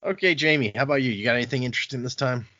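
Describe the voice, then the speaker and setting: A man's voice: mid-range voice, racing, dry recording, muffled recording. A man hosting a book discussion podcast, laughing often and steering the talk. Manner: laughing, lively. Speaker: podcast host. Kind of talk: casual discussion.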